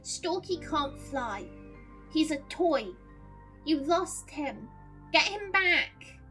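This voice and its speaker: A woman's voice: high voice, lively intonation, extremely slow, fairly bright tone, faint music behind, pitched above the performer's own voice, exaggerated voice. Woman doing a sulky little girl. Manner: childlike, petulant. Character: seven-year-old girl, upset and sulky.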